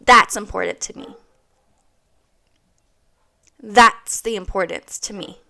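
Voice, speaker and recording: A woman's voice: medium pitch, takes it slowly, creaky, sharp tone. A woman in her thirties giving a blunt, emphatic motivational monologue, swearing freely and repeating her points for weight. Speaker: host.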